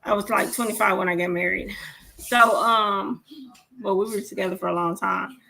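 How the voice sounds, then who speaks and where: A woman's voice: medium pitch, steady tone, moderate pace, vocal fry, pushed and bright. A woman in her forties, a podcast co-host, telling stories animatedly and swearing freely as she acts out the dialogue. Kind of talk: casual storytelling chat.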